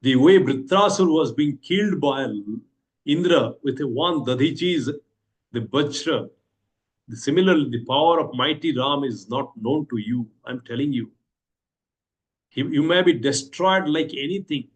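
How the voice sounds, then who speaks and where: A man's voice: fairly high pitch, a little slow, pitched above the performer's own voice, close to an everyday voice, low-quality recording. An Indian-accented man giving voice to a noble old vulture king who warns a demon king in an earnest, raised tone. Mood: stern warning.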